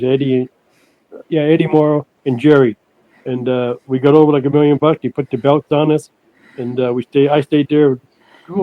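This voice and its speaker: An older man, a guest on an interview podcast, telling stories in a halting way that repeats words, and he puts on higher voices for the people he quotes. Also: no room sound, lo-fi sound. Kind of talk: casual storytelling interview.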